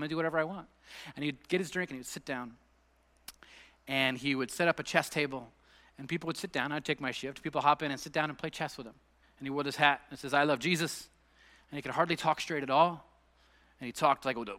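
A middle-aged male pastor delivers a sermon in a church sanctuary, shifting between easy conversational storytelling and emphatic, rising peaks. His voice is bright and forceful and sits a little high. A long reverb from the hall trails behind each phrase.

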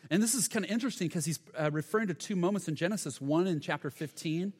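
A man's voice: sits high, fast, breathy edge. Earnest male pastor preaching in a hall. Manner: earnest, emphatic, with stumbles and repeats. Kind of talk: sermon. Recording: long hall reverb.

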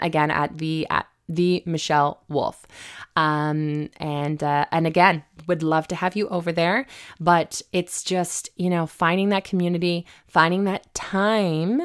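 A woman's voice: lowish voice, clear, resonant tone. A woman hosting a podcast in a casual, encouraging monologue, chatty and addressing her listeners directly. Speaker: podcast host.

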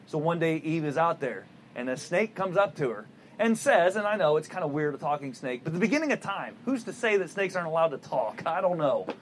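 A man's voice: a little high, very animated, a little fast, slight background noise. A man preaching a sermon in a conversational storytelling way, asking the audience rhetorical questions. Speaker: pastor.

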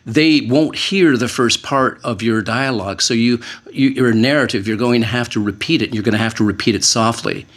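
A former hostage negotiator speaks as a panel guest. He talks in an earnest, measured way, with a middle-pitched voice. He slows right down to lean on the words that matter. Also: fairly bright tone. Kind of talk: panel discussion.

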